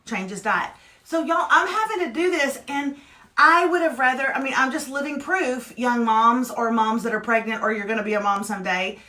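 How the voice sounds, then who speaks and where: Bright, lively woman host. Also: high voice. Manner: animated, playful, quick asides. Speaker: co-host of a morning live show. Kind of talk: casual live chat.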